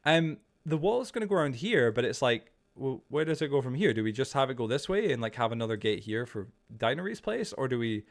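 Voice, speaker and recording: A young man hosts a casual live stream from his room at home. He rambles in a chatty, loose way and laughs easily. His voice sits at an ordinary middle pitch for a man. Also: sing-song, a little fast, creaky, hardly any pauses.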